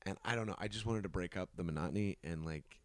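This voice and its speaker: A young man in casual podcast chat, telling lively anecdotes and slipping into quick put-on voices. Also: deep voice, no echo. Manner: animated storyteller, puts on voices in anecdotes.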